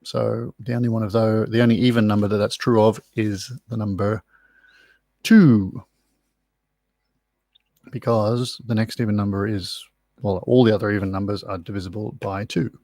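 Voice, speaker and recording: A man's voice: on the low side, steady tone, moderate pace, long pauses, dark tone, dry recording, studio quality. A man hosting a live online pub quiz from home, chatty and rambling with self-mocking asides. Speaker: quiz host. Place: room at home.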